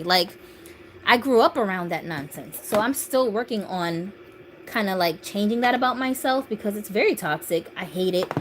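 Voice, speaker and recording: Chatting casually over a phone livestream, this doll-channel host in her thirties laughs a lot and reads out viewer comments. Her mid-range voice has lively intonation and a moderate pace, with slight background noise in the clip.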